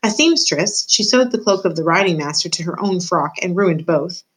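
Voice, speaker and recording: Teacher reading a chapter book aloud to her class, a woman with a lowish voice, expressive delivery. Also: moderate pace, rough recording. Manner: expressive, addresses the reader. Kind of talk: read-aloud storytelling.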